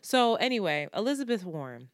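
A woman co-hosting a podcast, telling stories in an animated, joking way and laughing often. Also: medium pitch, a little fast, no room sound, studio quality. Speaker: podcast co-host. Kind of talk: casual chat.

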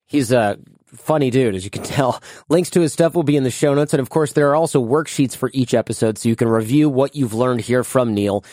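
A man hosting a podcast interview, casual and quick to react, then reading the show outro. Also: medium pitch, darkish tone, no room sound, studio quality. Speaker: podcast host.

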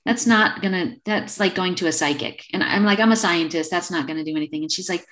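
A woman's voice: on the low side, brisk, hardly any pauses. A woman in her fifties, an acupuncturist guest on a video call, telling a story and acting out the quoted exchanges. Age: 50s. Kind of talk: casual storytelling interview.

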